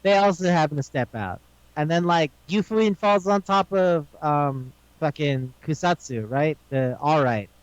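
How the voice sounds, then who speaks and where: A fairly high-voiced man talking fast and loose, swearing freely as he acts out scenes from a show. His voice sounds dry and close, though a bit dull and lo-fi. He keeps slipping into quick put-on voices for the characters. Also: clean tone, no room sound. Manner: animated, swears a lot, acts out characters' lines. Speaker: podcast co-host. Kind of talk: casual chat recapping an anime episode.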